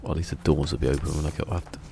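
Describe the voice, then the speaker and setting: A man's voice: a bass voice, fairly even intonation, racing, creaky, warm tone, slight background noise. An English man streaming a game live, chatting casually in a rambling way, often restarting his sentences. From England.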